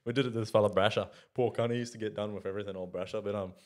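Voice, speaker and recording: A man's voice: on the low side, fairly even intonation, rapid-fire. A young Australian man co-hosting a podcast, telling stories in a casual chat, swearing and laughing often. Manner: swears a lot, laughs often, acts out mates' voices in stories. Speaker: podcast co-host.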